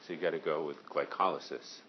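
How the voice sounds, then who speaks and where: A man from Maine teaching a high school science class, casual and joking with his students. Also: moderate pace, muffled recording, a little hiss or hum. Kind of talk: classroom lecture.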